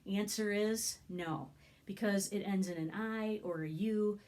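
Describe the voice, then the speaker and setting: Casting note: female language teacher, mid-pitch voice, patient and explanatory, lots of checking in with the class. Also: unhurried. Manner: checks in with frequent "okay?" and "right?", lively rises in pitch. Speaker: Spanish teacher. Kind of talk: classroom lesson explaining at a board.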